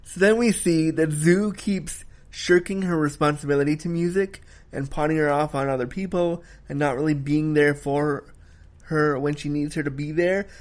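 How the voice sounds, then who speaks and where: A man's voice: on the high side, normal speed, darkish tone. Heated, cussing man reviewing a film. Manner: heated, emphatic, swears freely. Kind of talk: casual spoken film review.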